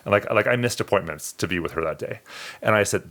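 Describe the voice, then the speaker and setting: A man's voice: lowish voice, fast talker, fairly bright tone. A male podcast co-host telling personal stories in an earnest, emotional way, often restarting his sentences. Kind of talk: personal storytelling in conversation.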